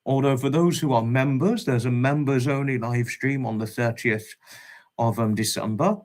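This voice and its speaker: A man hosting a casual livestream, greeting viewers by name with fond, repeated hellos in a drawn-out way. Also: medium pitch. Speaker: livestream host.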